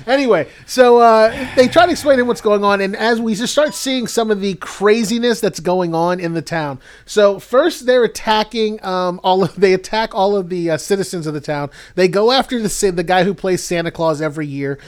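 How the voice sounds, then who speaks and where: A man's voice: sits high, moderate pace, few pauses, smooth. A man co-hosting a comedy podcast, casually retelling a movie plot in a rambling way and laughing as he goes. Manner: rambling, laughs through his own storytelling. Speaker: podcast co-host.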